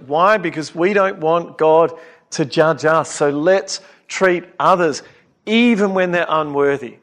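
Man, middle-aged, Bible study speaker, emphatic, questioning, slightly high-pitched. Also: a bit bright. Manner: earnest, emphatic, asks the audience questions. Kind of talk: expository Bible talk.

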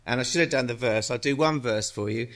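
Male lay preacher, sixties, halting and conversational, ordinary middle pitch. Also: a bit bright. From England. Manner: halting, full of ums and uhs, chatty with light laughs. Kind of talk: church exhortation.

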